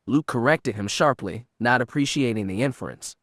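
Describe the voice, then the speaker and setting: A man narrates an audiobook in a steady, even storytelling manner. His voice sits in an ordinary middle register, and the recording is dry and close to the mic. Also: medium pitch, normal speed, dry recording.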